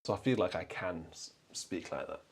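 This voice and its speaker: A deep-voiced man with a mild Northern trace to his English accent, from North Derbyshire and South Yorkshire, hosts a casual livestream from a church organ. At a moderate pace, over a little hiss or hum, he reads viewer comments and chats to himself while choosing stops.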